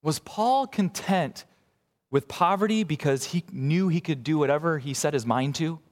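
Animated preaching man in a reverberant hall. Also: moderate pace. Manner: expressive preaching, swings between emphatic highs and quiet asides. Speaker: pastor. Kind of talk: sermon.

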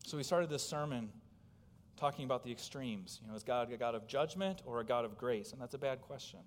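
Emphatic pastor preaching in a hall. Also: male voice, medium pitch, fairly quick, slight background noise. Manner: emphatic, asks the congregation direct questions. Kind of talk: sermon. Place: church sanctuary. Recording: long hall reverb in a church.

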